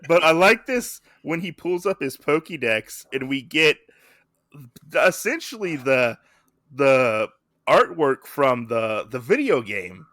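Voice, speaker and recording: A young man talks through a comic in a relaxed podcast chat, bright and forceful in tone. He acts out the characters' lines with lots of animation. The sound is close and dry. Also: mid-range voice, slow pace, no echo. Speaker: podcast co-host. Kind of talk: casual chat recapping a comic.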